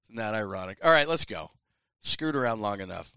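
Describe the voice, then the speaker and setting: A middle-aged man hosts a sports talk show, spinning a casual, self-mocking story. His voice is bright and forward, recorded close and dry with no room sound. He jumps into the voices of other people as he tells it. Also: lowish voice, animated, fairly quick, clean tone, no room sound. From San Francisco Bay Area.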